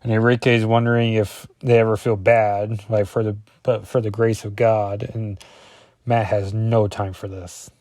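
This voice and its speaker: A man's voice: fairly low pitch, level tone, a little slow, darkish tone, no room sound. A man casually reviewing a comic book page by page, rambling and often correcting himself with lots of ums.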